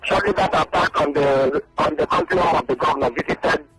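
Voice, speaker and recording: A man's voice: fairly high pitch, a little fast, a bit bright, soft background music, poor audio. A man, a journalist guest on a radio interview, making his points emphatically and repeating them. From Nigeria.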